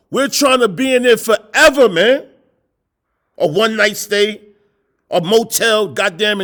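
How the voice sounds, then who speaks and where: A man's voice: high-pitched, a bit bright. A middle-aged man preaching a confrontational sermon, scolding his listeners with repeated rhetorical questions and blunt, profane language. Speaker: street preacher.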